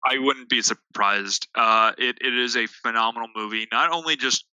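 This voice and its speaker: Bright-voiced young man chatting films. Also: mid-range voice, normal speed, clear, resonant tone, no room sound, muffled recording. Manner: stammering restarts, acting out quoted dialogue. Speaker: movie reviewer. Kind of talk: casual chat.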